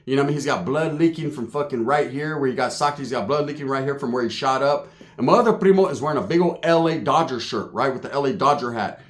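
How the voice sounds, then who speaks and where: A man from Northern California telling a profane, comedic street story in a slangy, animated way, with acted-out sound effects. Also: medium pitch, quick pace.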